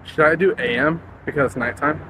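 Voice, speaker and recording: A young man with a slightly high voice, rambling and jumpy, swearing as he describes what he hears. He is recorded outdoors at night, with faint traffic noise around him. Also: a little fast, bright, forceful tone. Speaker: ghost-hunting vlogger. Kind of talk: casual paranormal investigation chat. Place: outdoors at night near a school.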